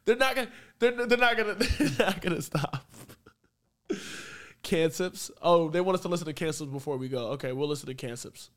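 A man's voice: fairly high pitch, brisk. A man co-hosting a live stream in casual chat, joking, laughing a lot and swearing freely. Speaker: stream co-host.

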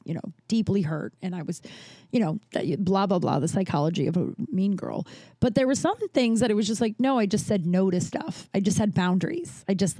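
Rambling, chatty woman, mellow voice. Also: mid-range voice, no echo, clean studio sound. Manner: rambling, chatty, swears casually. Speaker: podcast host; festival bartender. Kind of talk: casual storytelling.

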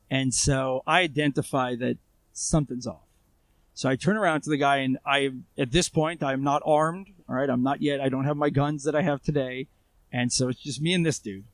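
A man with a gravelly, creaky voice tells his story as an interview guest. His talk is loose and conversational, full of fillers and restarts, and he sounds close and dry. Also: mid-range voice, no room sound. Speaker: guest, armed civilian responder. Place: Israel.

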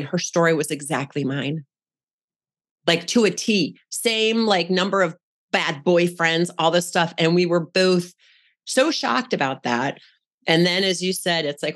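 A woman's voice: on the low side, normal speed, a bit bright. Frank woman giving life advice. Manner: frank, down-to-earth, coaching tone. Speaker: podcast guest. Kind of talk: casual podcast conversation.

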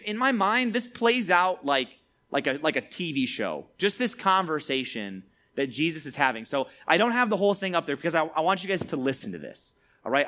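A man's voice: a little high, fairly bright tone. A man giving a casual Bible lesson as a preacher, chatty and peppered with tag questions. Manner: chatty, peppered with "like" and "all right?". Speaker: youth preacher.

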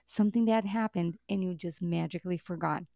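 A woman co-hosting a podcast in casual chat, animated and exasperated, swearing now and then and laughing as she talks. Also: lowish voice, fairly quick, creaky, no echo, studio quality. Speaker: podcast co-host.

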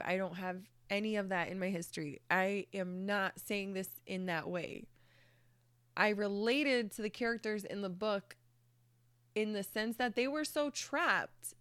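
A woman's voice: mid-range voice, a bit bright, clear, resonant tone, no room sound. Chatty, earnest woman recommending books. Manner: chatty, swears casually, many fillers; earnest, emotional. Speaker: book vlogger. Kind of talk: casual chat.

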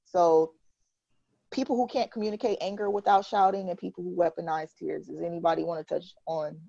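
A woman's voice: fairly low pitch, steady tone, brisk, vocal fry, warm tone, no echo. Candid woman hosting a podcast chat. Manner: candid, rambling, laughs easily. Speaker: podcast host. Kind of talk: casual group podcast chat. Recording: dry, slightly dull lo-fi sound.

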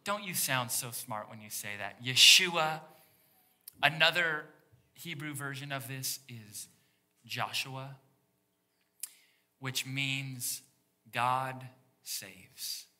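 Bright-voiced male pastor preaching. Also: mid-range voice, slow pace, pauses often. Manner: animated, dropping to a hushed near-whisper for emphasis; engages the congregation directly. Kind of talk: sermon.

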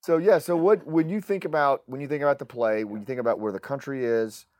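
A man's voice: medium pitch, fast talker, darkish tone. A man hosting a podcast interview, asking long rambling questions and affirming his guest. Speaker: podcast host. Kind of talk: casual interview conversation.

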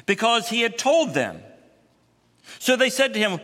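A middle-aged man preaching a sermon as a pastor, working through a scripture passage and rising sharply in pitch and force to stress key points. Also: very animated, a little slow, bright, forceful tone, in a large hall.

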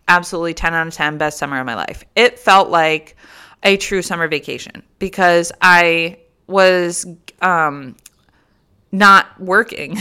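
Woman, young adult, casual vlog storytelling, chatty, swears, laughs, slightly low, smooth clear voice. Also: bright, forceful tone. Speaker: vlogger.

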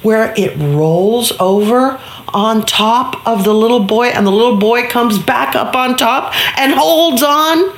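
A woman's voice: a little high, slow pace, roomy sound. A woman telling an improvised story, acting out voices and sound effects. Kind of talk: improvised bedtime story narration.

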